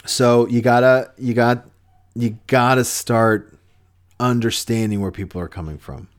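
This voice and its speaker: A man's voice: medium pitch, steady tone, unhurried. Earnest man giving relationship advice. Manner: earnest, conversational, with frequent restarts. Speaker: podcast host.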